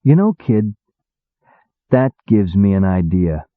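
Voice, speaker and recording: A man's voice: lowish voice, very animated, slow pace, no room sound. A man voicing a blunt, slangy demon mentor. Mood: upbeat. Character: impatient wisecracking male demon mentor. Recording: tinny phone-like dry sound.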